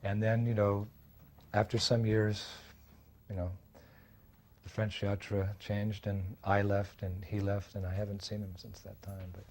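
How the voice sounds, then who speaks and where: A man's voice: lowish voice, little pitch movement, a little slow, a little mellow. An older man, a monk speaker, telling a reminiscence in a loose, anecdotal way, full of fillers and acted quotes. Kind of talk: storytelling reminiscence.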